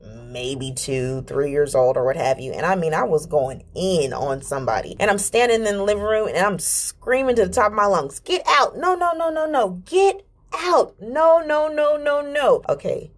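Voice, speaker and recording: A woman hosting a podcast, talking frankly and profanely about her spiritual journey in animated storytelling. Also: deep voice, slightly rough. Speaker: podcast host. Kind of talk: casual spiritual monologue.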